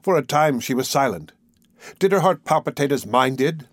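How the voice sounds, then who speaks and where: An audiobook narrator reads a classic novel aloud from a script, measured and expressive. His voice sits in the mid range, and the studio-quality recording carries no room sound.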